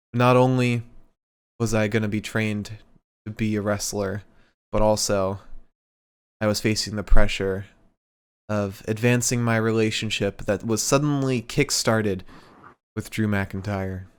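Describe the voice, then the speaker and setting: Male podcast co-host, smooth low voice, playful and self-deprecating storyteller. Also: fairly even intonation, unhurried, pauses often. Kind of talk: casual chat, reading comic fan fiction aloud.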